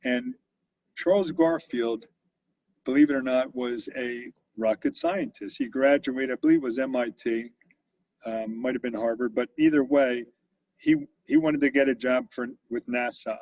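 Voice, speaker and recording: A man's voice: medium pitch, normal speed, a little mellow, dry recording. A man in his sixties, a company CEO, telling stories in a conversational interview, with lots of fillers and restarts. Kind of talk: storytelling in an interview. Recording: dull lo-fi audio.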